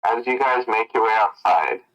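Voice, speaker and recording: A man narrating as game master of a tabletop game, telling the scene in a casual, relaxed way. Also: on the low side, moderate pace, lo-fi sound.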